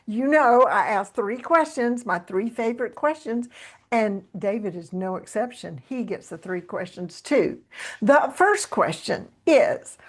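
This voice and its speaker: A woman hosting a podcast, asking her guest questions in a slow, deliberate way. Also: on the high side. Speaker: podcast host. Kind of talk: casual interview talk.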